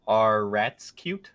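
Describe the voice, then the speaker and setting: A man's voice: lowish voice, a bit bright, lo-fi sound. Young man giving dry, witty answers. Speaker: podcast co-host. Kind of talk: casual chat, quick-fire answers.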